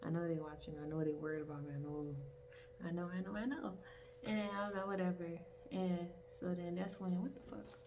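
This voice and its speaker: A woman's voice: lowish voice, brisk. A young woman, telling a rambling, profane story in a casual storytime vlog. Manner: rambling, profane, animated storytelling with many asides. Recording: distant mic, faint background hiss.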